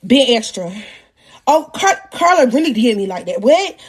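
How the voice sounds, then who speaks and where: A high-voiced young woman with a breathy, husky edge spins a story for her live viewers. She talks loose and slangy, animated the whole way through, and jokes with her audience as she goes. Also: moderate pace. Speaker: live-stream host. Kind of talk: casual storytelling on a livestream.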